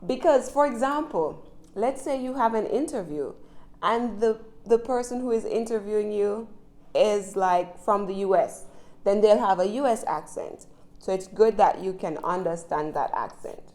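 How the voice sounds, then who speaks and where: Speaking at a moderate pace in a medium-pitched, slightly mellow voice, this Jamaican-accented woman teaches English casually. She's encouraging and talkative, regularly checking on the listener with tag questions.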